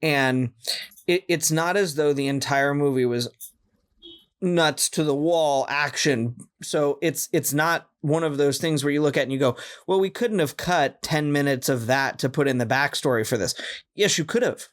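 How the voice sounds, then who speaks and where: A man co-hosting a podcast, giving a casual film review in a blunt, exasperated way with quick asides. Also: fairly high pitch. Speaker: podcast co-host.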